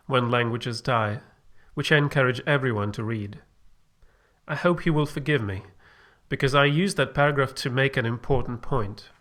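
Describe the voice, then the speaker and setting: A university lecturer, a native Russian speaker, giving a scripted lecture in a learned British accent in a measured, explanatory manner. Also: male voice, mid-range voice, a bit bright. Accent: British English, learned.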